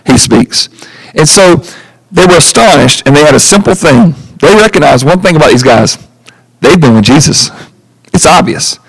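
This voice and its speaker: A man with a notably high voice preaches a sermon from the pulpit. He stays animated throughout, slipping into the voices of the people he quotes and chuckling at his own asides. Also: normal speed, gravelly, slightly rough, poor audio. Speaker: pastor.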